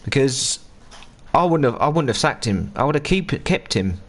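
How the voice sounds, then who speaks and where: A man's voice: medium pitch, very animated, normal speed. Ranting English streamer man. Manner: ranting, sweary, chatty. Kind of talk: casual live-stream chat while gaming.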